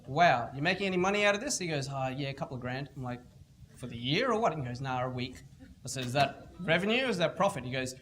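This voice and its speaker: A man's voice: fairly high pitch, a bit bright, slight background noise. A man giving a storytelling talk at a school event, acting out both sides of each conversation. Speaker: speaker at a school festival. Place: event hall with audience.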